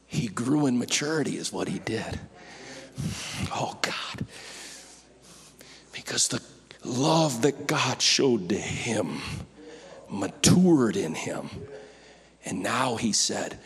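A man preaching a sermon in a church, emphatic, swinging from shouts down to whispers. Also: medium pitch, takes it slowly, long pauses. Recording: reverberant church hall.

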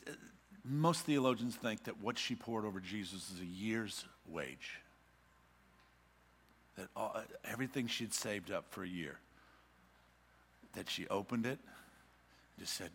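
A man preaching a sermon as a pastor, swinging from loud urging to hushed whispers and repeating words as he builds. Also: fairly low pitch, lively intonation, a little slow, gravelly, pauses often, big-room sound, slight background noise.

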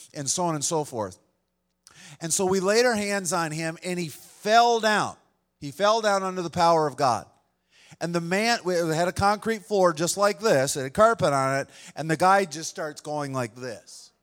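A man's voice: fairly high pitch, expressive, normal speed, a bit bright. A male pastor preaching a sermon to a room full of people, telling a story in an earnest, conversational way. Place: room with a congregation.

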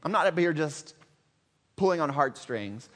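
A man's voice: on the high side, animated, measured pace. Male pastor, dramatic sermon storyteller, long hall echo. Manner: dramatic storytelling, swings between loud and hushed.

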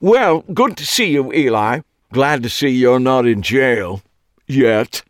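A man voicing a flamboyant British man with a nasal accent who talks far too loudly and theatrically. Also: lively intonation, slow pace, no echo, clean studio sound. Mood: gleeful. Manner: booming, theatrical, gossipy.

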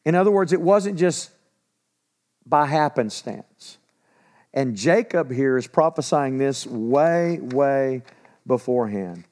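A man's voice: medium pitch, expressive, slow, a little mellow. A man teaching a sermon in a conversational, emphatic way, repeating key points. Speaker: pastor.

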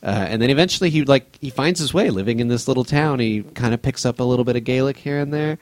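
A man's voice: mid-range voice, fast, no room sound. Rambling male podcast host, dry sound. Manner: rambling plot retelling, full of fillers and restarts. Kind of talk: casual chat.

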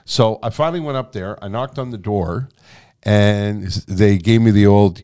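A man's voice: fairly low pitch, moderate pace, smooth. A man casually telling a long anecdote, acting out the voices of the people in it, swearing and laughing as he goes. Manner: animated, acts out dialogue with swearing and laughter.

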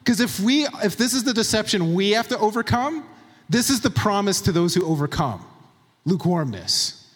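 A man preaching a sermon, reading scripture aloud and commenting on it with emphasis, sometimes dropping to a quiet, low voice. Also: very animated, normal speed. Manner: drops to a quiet, low voice for tender points. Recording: long hall reverb.

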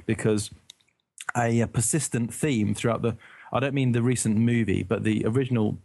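Gravelly-voiced uk guy chatting on a podcast, rambly, dry close sound. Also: medium pitch, steady tone, moderate pace, darkish tone, no echo. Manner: rambling, searching for words, laughing. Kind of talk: casual chat.

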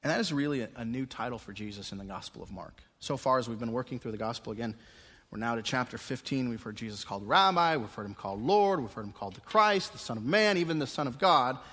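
A male pastor preaching an expository sermon, moving between quiet, conversational asides and raised, emphatic passages. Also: mid-range voice, animated, fast, slightly rough. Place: church sanctuary during a service. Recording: long reverb of a church sanctuary.

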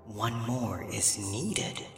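A man voicing terrible, malicious voices speaking from a crack in a cave, slow and menacing. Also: lowish voice, creaky, faint music behind, full character voice.

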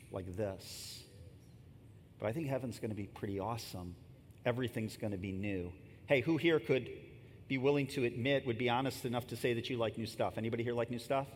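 A pastor in his fifties giving a sermon in a conversational, storytelling way, with casual asides to the congregation. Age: 50s. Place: church sanctuary. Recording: long reverb and faint rumble in a large hall.

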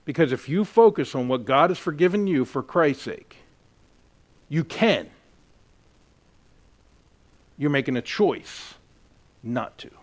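A man's voice: a little high, expressive, slow, long pauses. A man preaching a sermon as a pastor, earnest and emphatic as he tells a personal story.

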